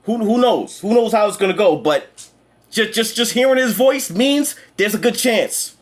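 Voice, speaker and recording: A young man chatting casually about a movie he just saw, animated and profane, repeating himself and acting out lines. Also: sits high, normal speed. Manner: animated, profane, repeats words and acts out quotes. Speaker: movie reviewer. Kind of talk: casual chat.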